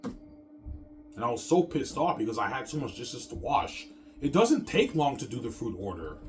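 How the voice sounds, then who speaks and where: A man's voice: mid-range voice, big pitch swings, normal speed. A man in a casual rant to his viewers, rambling and stammering, repeating the same filler words and swearing often. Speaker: vlogger.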